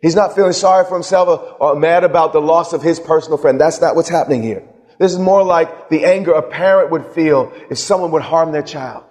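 A middle-aged man preaching a sermon with passion, moving from loud outbursts to hushed, slow moments. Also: on the high side. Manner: impassioned, swings from loud to hushed. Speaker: pastor. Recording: long reverb of a large hall.

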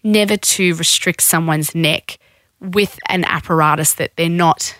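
A woman speaks frankly and at length, explaining things in a plain, matter-of-fact way. Her voice sits a little low. The sound is dry and close to the mic. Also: fairly bright tone, no echo. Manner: frank, explanatory, acts out quick quoted voices. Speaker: sex educator guest. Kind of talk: frank podcast conversation.

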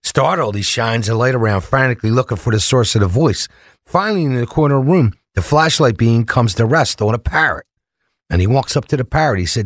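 A man co-hosting a talk radio show in a studio, chatting casually and telling jokes with an animated storyteller's manner. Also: lowish voice, normal speed, no room sound.

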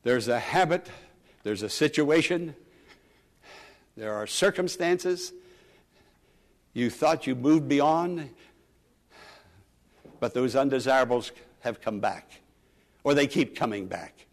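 A male pastor preaching earnestly to a congregation. He repeats his phrases and moves between loud emphasis and soft asides. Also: medium pitch, expressive, slow pace, pauses often. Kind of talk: sermon. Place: church sanctuary. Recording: long church reverb.

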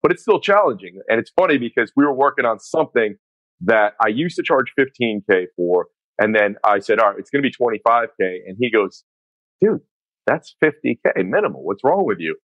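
A man's voice: lowish voice, brisk, dry recording, muffled recording. A middle-aged man from the Northeastern United States, talking candidly as a coach and guest in a casual podcast conversation, with lots of fillers. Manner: candid, animated storytelling with many fillers.

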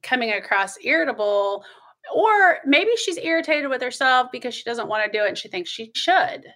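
Woman co-host, bright sharp voice, walks through advice step by step. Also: high voice, expressive, moderate pace. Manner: practical, step-by-step. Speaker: podcast co-host reading listener questions. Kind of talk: casual advice chat.

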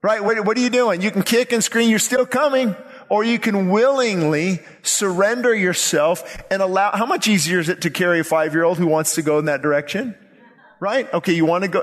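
A man, a pastor, preaching a sermon in an animated way, acting out the voices of the people he quotes. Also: sits high, a little fast. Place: church sanctuary. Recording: church hall reverb.

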